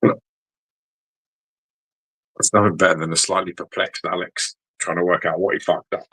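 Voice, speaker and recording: Deep husky man, crude and teasing. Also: level tone, moderate pace, a bit bright, dry recording, rough recording. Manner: crude, swears constantly, teasing and laughing. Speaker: podcast co-host. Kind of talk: casual chat.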